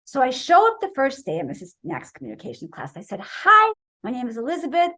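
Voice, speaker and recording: A woman in her sixties from Wisconsin, a guest telling an animated story in an interview and acting out the voices she quotes. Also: a little high, fast talker. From Wisconsin, USA. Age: 60s.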